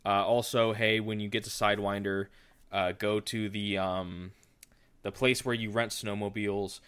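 A man voices a friendly, folksy male snowplow driver who talks in a neighborly way. The voice sits low and smooth. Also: little pitch movement, normal speed, a bit bright, natural voice.

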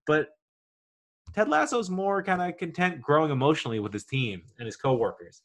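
A man's voice: a little high, lively intonation, normal speed. A man in his forties giving a casual, rambling, enthusiastic review monologue, full of "like" fillers. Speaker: podcaster reviewing a TV show.

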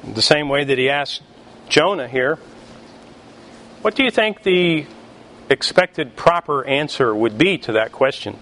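A male pastor preaching a sermon, emphatic and deliberate, with pauses between phrases. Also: mid-range voice, lively intonation, a bit bright, a little hiss or hum.

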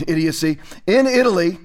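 A man's voice: fairly high pitch, expressive, moderate pace. A man hosting a political commentary show, talking in a sarcastic, mocking way.

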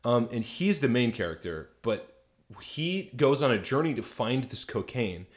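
Male co-host, casual and crude, animated storyteller, mid-pitched. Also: a little slow. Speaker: podcast co-host. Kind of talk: casual chat.

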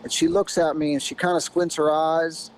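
A middle-aged American man spins a long, animated anecdote as a podcast guest, his voice sitting a touch high for a man. He keeps circling back with "you know" and stacks up short bursts of action. A faint hum of background noise sits under the voice. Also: moderate pace, rough recording. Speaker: podcast guest, former off-road racer. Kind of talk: casual storytelling.

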